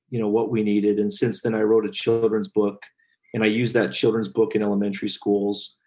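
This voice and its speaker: Man, middle-aged, lowish voice, earnest, heartfelt storyteller, podcast guest. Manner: earnest, animated storyteller, gets choked up. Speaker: guest, kindness speaker and author.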